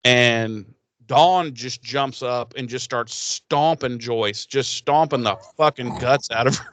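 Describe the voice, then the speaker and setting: A man's voice: medium pitch, slow, fairly bright tone, dry recording. A man co-hosting a podcast, retelling a TV episode in loose, profane casual chat full of fillers. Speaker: podcast co-host.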